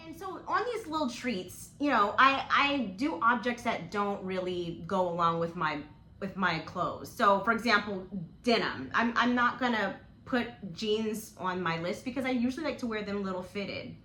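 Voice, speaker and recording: Lively, encouraging woman in echoey room. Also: fairly high pitch. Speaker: weight-loss vlogger. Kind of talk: encouraging motivational vlog. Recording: echoey room with faint noise.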